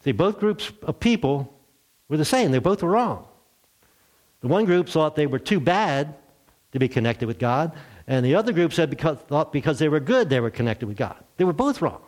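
A man preaching a sermon, telling a story with lively acted-out voices. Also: fairly high pitch, moderate pace. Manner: animated storytelling, acts out characters. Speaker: pastor.

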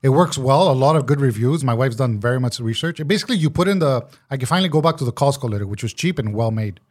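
A man's voice: medium pitch, animated, fast, darkish tone. A young man co-hosting a podcast, chatting casually, joking and laughing often. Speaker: podcast co-host. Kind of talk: casual chat.

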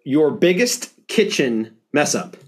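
A man's voice: a little high, very animated, takes it slowly, darkish tone. Agreeable man hosting a podcast. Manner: agreeable, many short affirmations. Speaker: podcast host. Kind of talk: casual podcast chat.

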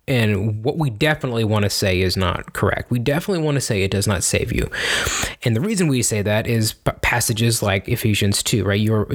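A man teaching on baptism in a casual, conversational way, often checking in with "right?" and restarting his sentences. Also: mid-range voice. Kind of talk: informal teaching talk.

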